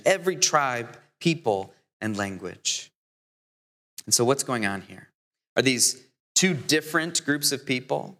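A man preaching a sermon as deacon, earnest, building to emphatic peaks and slowing on key phrases. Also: medium pitch, a bit bright. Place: church. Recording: long hall reverb.

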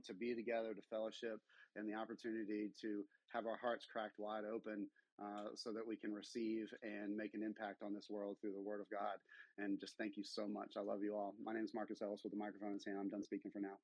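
A man's voice: on the low side, darkish tone, dry recording, poor audio. A man giving an earnest, emotional personal testimony to a faith-based chat room, with many fillers. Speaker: caller sharing a testimony.

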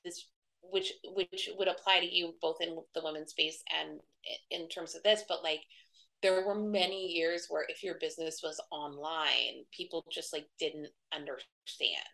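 A woman in her thirties talks as a guest in a relaxed interview, her voice slightly low with a gravelly fry and a bright edge. She tells stories in a loose, chatty way, full of fillers, and acts out the voices of people she quotes. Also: measured pace, poor audio. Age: 30s. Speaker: guest, wedding website publisher. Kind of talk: casual conversational interview.

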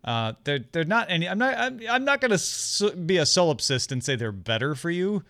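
A man's voice: on the high side, very animated, fairly quick, sharp tone, dry recording. A man co-hosting a podcast, chatting casually with a dry, joking, rambling manner. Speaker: podcast co-host. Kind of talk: casual chat.

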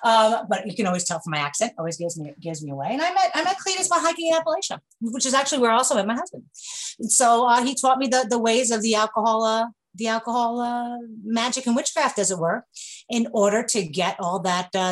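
A woman's voice: on the high side, quick pace, rough recording. A woman with a New York accent, a business owner joking and laughing through a video call interview with lots of fillers and restarts. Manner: joking, animated, laughs often, many fillers.

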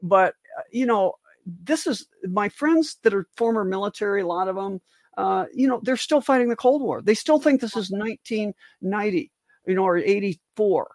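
A woman's voice: mid-range voice, expressive, normal speed, a little mellow, no room sound, clean studio sound. Older woman, rambling emphatic talk. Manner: rambling, with many restarts and asides. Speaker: co-host physician. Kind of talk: livestream discussion.

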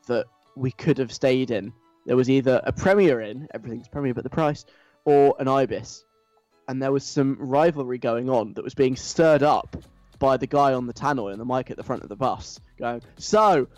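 A man's voice: medium pitch, no room sound. A man chats on air as a radio host, rambling in a self-deprecating way. The booth is dry and close, with music playing faintly underneath. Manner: self-deprecating, rambling, animated when imitating chants. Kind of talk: casual radio chat.

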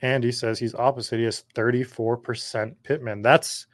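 In a steady, medium-pitched voice at a moderate pace, a podcast host gives casual live drafting commentary. He's rambling and chatty as he answers viewer comments, and his voice sounds slightly worn. The studio-quality recording has no echo.

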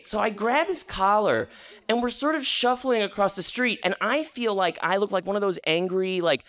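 A man telling a personal story on stage, lively, acting out the quotes with sudden jumps up in pitch. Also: normal speed, dry recording.

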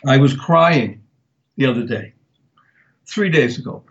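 An older man hosting a live talk radio show, speaking slowly and deliberately and spelling words out for emphasis. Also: medium pitch, animated, muffled recording.

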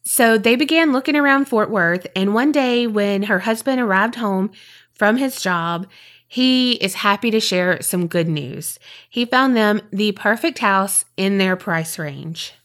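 A woman's voice: mid-range voice, expressive, unhurried, fairly bright tone. Woman, Southern US accent, chatty, rambling, podcast co-host, casual storytelling.

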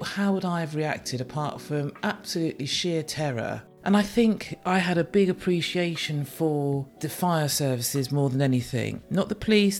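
A woman's voice: low-pitched, a little mellow. A woman from the UK, hosting a solo podcast and speaking frankly and emotionally, swearing freely. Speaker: podcast host.

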